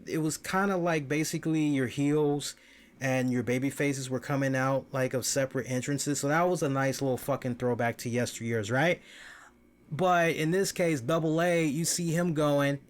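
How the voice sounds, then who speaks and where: A man hosting a wrestling review show, giving casual, animated commentary. He swears freely and often repeats words as he starts a thought. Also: mid-range voice, normal speed.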